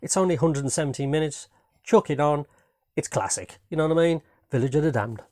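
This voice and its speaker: A man's voice: a little high, fast talker, a little mellow, no echo, clean studio sound. A man from Britain casually reviewing his latest home movie watches, rambling and enthusiastic, peppering his talk with "man" and "you know what I mean".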